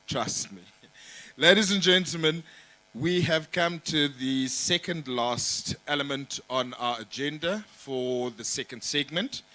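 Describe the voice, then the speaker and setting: A man's voice: fairly high pitch, takes it slowly, pushed and bright, low-quality recording. A man acting as emcee at a conference, making a light joke before formally announcing the next speaker. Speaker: event emcee.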